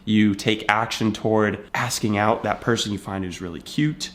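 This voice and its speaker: A lowish, fairly bright male voice with fairly even intonation and a moderate pace comes through with a little hiss or hum. He's a self-help video creator giving a casual motivational talk to camera, recounting a story and voicing bits of dialogue conversationally.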